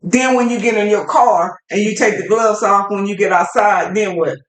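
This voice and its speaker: A woman's voice: mid-range voice, moderate pace. A woman co-hosting a casual podcast chat, outspoken and emphatic, talking colloquially and calling out to listeners. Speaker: podcast co-host. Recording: roomy echo.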